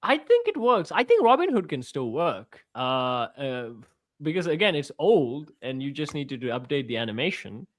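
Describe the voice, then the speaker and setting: A man co-hosting a casual chat, talking in a rambling, animated way and laughing often. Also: fairly high pitch, normal speed. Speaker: podcast co-host.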